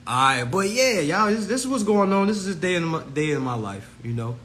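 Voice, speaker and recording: Excitable high-voiced man ranting to viewers. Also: a little fast, slight background noise. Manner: excitable, swings between shouting and muttering, laughs often. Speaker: host of a consumer advice channel. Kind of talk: casual storytelling rant to viewers.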